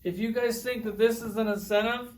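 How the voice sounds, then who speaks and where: High-voiced man ranting crudely. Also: steady tone, brisk. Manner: crude, sarcastic, storytelling with heated outbursts. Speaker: toy collector reviewer. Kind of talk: profane comedic rant to camera.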